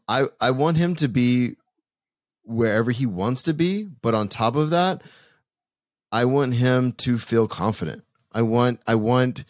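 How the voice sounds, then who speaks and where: A man co-hosting a podcast, talking earnestly in a halting way with many restarts. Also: medium pitch, no room sound, studio quality. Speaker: podcast co-host. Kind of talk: casual podcast chat.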